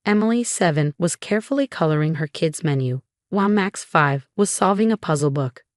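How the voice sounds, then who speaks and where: A woman reading a scripted first-person story in a calm, steady way. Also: sits low, brisk, dry recording, clean studio sound. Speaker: narrator.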